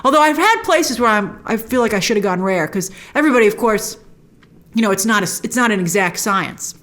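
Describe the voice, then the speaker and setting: A woman host giving a chatty, animated recap of a TV episode, laughing often and acting out lines. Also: medium pitch, a little fast.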